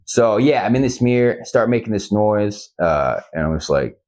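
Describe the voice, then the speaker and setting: A man's voice: lowish voice, expressive, moderate pace, darkish tone. A man from Central Illinois, a guest musician, telling a story in a casual podcast interview, rambling and swearing often. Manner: rambling and profane, often asks "you know what I mean".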